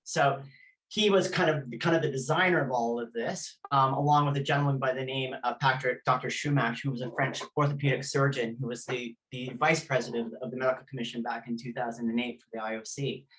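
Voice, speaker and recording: A woman's voice: a bass voice, steady tone, brisk, fairly bright tone, low-quality recording. A woman, a former elite athlete, earnestly recounting her own history as an interview guest, often restarting her sentences. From Canada. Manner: earnest, intense, frequent restarts while recounting.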